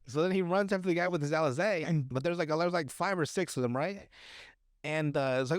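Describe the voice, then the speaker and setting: A man on a podcast casually recapping a movie, profane and animated, acting out the characters' lines as he goes. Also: on the high side, fairly quick, no room sound, studio quality. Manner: profane, animated retelling with acted-out quotes. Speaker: podcast host.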